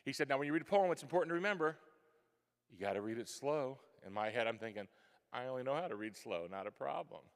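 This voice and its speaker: A man telling a childhood story to a school audience, animated and acting out his younger self with gasps and whispers. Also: mid-range voice, quick pace. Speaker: guest author speaking to a school. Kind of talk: storytelling talk to students. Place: large hall, school event. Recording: long hall reverb.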